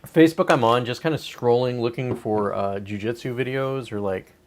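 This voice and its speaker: A man in his forties hosting a livestream, talking in a loose, rambling, profane way and mocking complainers. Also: normal speed. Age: 40s. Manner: profane, digressive, mocks whiners in high whiny voices. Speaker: livestream host. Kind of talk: casual rambling livestream chat.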